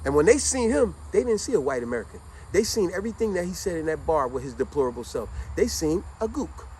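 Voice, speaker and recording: A man's voice: on the high side, very animated, fast talker, a little mellow, a little hiss or hum, poor audio. A man casually and animatedly retelling a story to his listeners, speaking conversationally.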